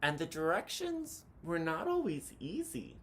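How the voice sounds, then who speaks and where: A man reading a children's picture book aloud, chanting the counting cheers with animated delivery. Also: fairly high pitch, a little slow, a little hiss or hum.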